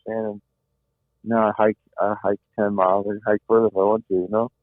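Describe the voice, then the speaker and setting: A middle-aged man speaks in a fairly low, level voice at a moderate pace, telling his survival story as a guest. He is earnest and tends to repeat words while searching for them, heard over a dry, tinny phone-like line.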